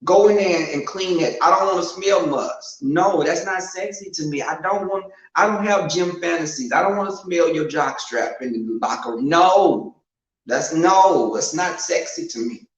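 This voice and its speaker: Sassy guy chatting to his viewers on a live stream, kinda high voice, muffled audio. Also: normal speed. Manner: frank, sassy, talks straight to viewers. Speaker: host of a live online show. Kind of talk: casual live-stream chat. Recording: echoey, dull-sounding room recording.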